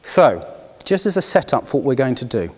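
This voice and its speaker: A man's voice: medium pitch, big pitch swings, a little fast. A man facilitating a workshop, telling a personal story and inviting the group to take part in a reflective, personal way. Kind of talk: live workshop talk to a group. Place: conference room. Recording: long hall reverb.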